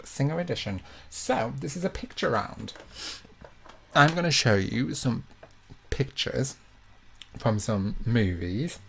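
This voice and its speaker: Gravelly young man hosting a quiz. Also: mid-range voice. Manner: chatty, repeats each question, self-mocking asides. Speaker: quiz host. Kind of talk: hosting a live online quiz.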